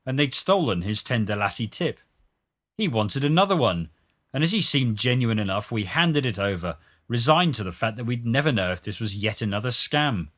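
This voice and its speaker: A man's voice: medium pitch, fairly bright tone. A man reading a travel memoir aloud with dry, wry storytelling. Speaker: narrator.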